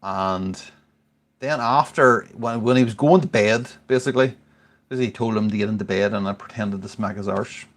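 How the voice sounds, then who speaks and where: A podcast regular in his forties, tipsy from beer, tells a rambling, sweary story in casual chat. His male voice sits on the low side and moves at a moderate pace.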